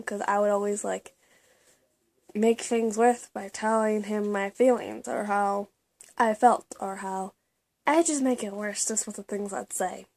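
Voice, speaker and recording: A young woman vlogging about her personal journal in a confessional, halting way, with many fillers and restarts. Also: mid-range voice, darkish tone. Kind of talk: casual personal vlog.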